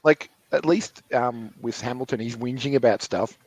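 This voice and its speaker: A man's voice: mid-range voice, moderate pace, darkish tone, slightly rough, dry recording, poor audio. A man co-hosting a casual motorsport chat podcast, joking around and acting out quotes in mock voices. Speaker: podcast co-host.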